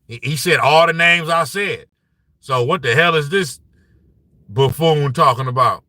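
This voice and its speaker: A man hosting a casual live-streamed basketball talk show, reading the chat and arguing points in an animated, profane way, often saying "you know what I'm saying.". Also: fairly high pitch, unhurried, dry recording.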